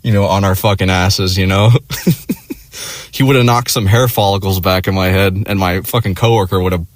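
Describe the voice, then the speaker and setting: A man's voice: low voice, fairly even intonation, moderate pace, no echo. A man telling a rambling personal story in casual, profane language, laughing along as he goes. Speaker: vlogger.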